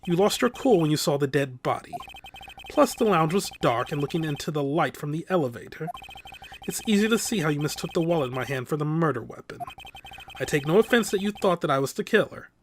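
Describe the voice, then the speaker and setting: A man voicing a composed male prosecutor in a measured, formal, dry manner. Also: on the high side, lively intonation, slight background noise, natural voice.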